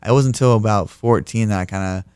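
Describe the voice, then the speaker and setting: A man's voice: fairly low pitch, quick pace, darkish tone, clean tone, no echo, studio quality. A young man in his twenties, an interview guest who tells stories with energy and laughs through the punchlines. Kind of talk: casual storytelling interview.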